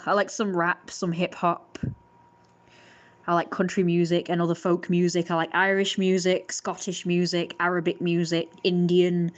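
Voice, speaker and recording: A young woman rambling casually to her livestream viewers, full of fillers and restarts. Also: fairly low pitch. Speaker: livestream host.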